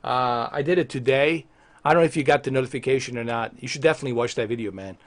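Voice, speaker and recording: A man's voice: medium pitch, fast. A man chatting casually on a livestream, ranting at his viewers with lots of swearing. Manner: animated, profane ranting at viewers.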